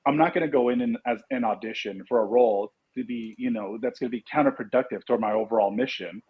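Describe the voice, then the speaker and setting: A man's voice: mid-range voice, fast, slightly rough, lo-fi sound. A middle-aged man from Los Angeles, a guest actor and producer, telling stories in casual interview chat and acting out the lines he quotes. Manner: animated storyteller, acts out quotes.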